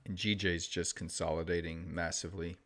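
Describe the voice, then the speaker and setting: Deep-voiced man commentating live trades. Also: flat delivery, a little fast, fairly bright tone. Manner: offhand, thinking aloud while watching charts. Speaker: trading livestream host. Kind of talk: casual live-stream commentary.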